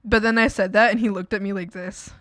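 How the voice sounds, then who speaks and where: Casting note: female streamer, mid-pitched, dry close sound, rambly and giggly, filler-heavy chat. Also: steady tone, brisk, fairly bright tone, no echo. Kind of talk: casual chat while drawing.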